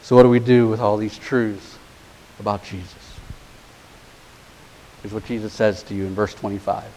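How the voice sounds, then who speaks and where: Man preaching, hushed to emphatic. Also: fairly even intonation, a little hiss or hum, rough recording. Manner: swings from hushed, low passages to rising, emphatic exhortation; slow, deliberate stress on key words. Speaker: pastor. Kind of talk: sermon.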